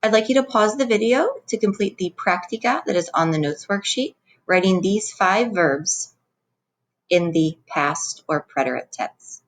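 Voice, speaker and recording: A woman teacher giving a recorded Spanish grammar lesson, explaining clearly and patiently and pronouncing Spanish verb forms. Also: medium pitch, lively intonation, a little slow, poor audio.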